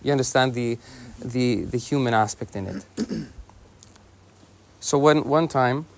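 A young man, a monk, telling a saint's story in a relaxed, casual way with lots of "you know" and "like". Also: mid-range voice, measured pace, vocal fry. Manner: easygoing, many fillers like "you know" and "like".

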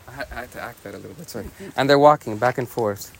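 A young man, a monk, telling a saint's story in a relaxed, casual way with lots of "you know" and "like". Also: medium pitch, fast, vocal fry, slight background noise. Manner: easygoing, many fillers like "you know" and "like".

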